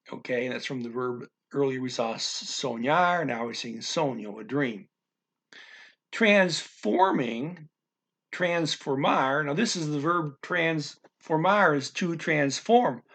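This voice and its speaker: A man teaching a language lesson, going through a text word by word in a halting, explanatory way with many pauses and restarts. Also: medium pitch, a bit bright. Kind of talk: casual language lesson walkthrough.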